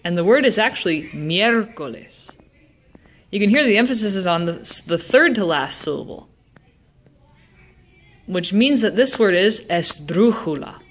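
A woman teaching Spanish stress rules, slowly sounding out example words. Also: medium pitch, animated. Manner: slow, deliberate word demonstrations. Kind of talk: classroom-style explanation.

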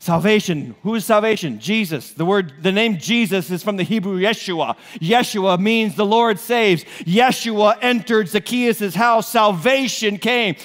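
A male pastor with a New England accent preaching an animated sermon, joking and throwing rhetorical questions at the congregation in a church auditorium. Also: sits high, a little slow, few pauses. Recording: long hall reverb.

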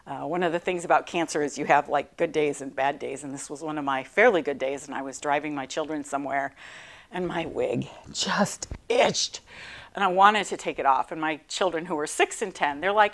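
A middle-aged woman and cancer survivor telling her own story in a class talk, animated and self-deprecating, laughing often. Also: low-pitched, normal speed.

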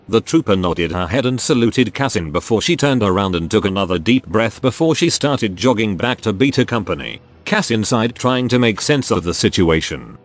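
Low synthetic male narrator. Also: normal speed, few pauses. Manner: flat synthetic reading. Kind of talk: scripted narration.

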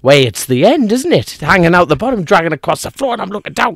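A man co-hosting a podcast, telling a long joke in a lively, repetitive way. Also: sits high, quick pace, gravelly, hardly any pauses, dry recording, clean studio sound. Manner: animated storyteller, repeats himself, acts out voices. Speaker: podcast co-host.

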